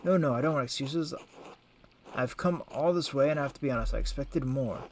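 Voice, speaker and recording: A man's voice: mid-range voice, fairly quick, slight background noise, natural voice. A man voicing a proud noble baron who is displeased with commissioned work in a video game. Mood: demanding. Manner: demanding.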